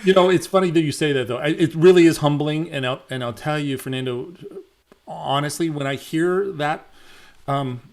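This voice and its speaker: A man's voice: on the high side, normal speed, a little mellow. A man, a former radio DJ, reminiscing as a guest in a casual interview.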